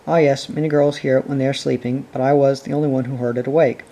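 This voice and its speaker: A tender, wistful grown mother from a storybook, voiced by a man reading aloud. The voice is mellow and dark in tone, soft rather than showy. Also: medium pitch, level tone, fast, lightly acted, low-quality recording. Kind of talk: audiobook reading.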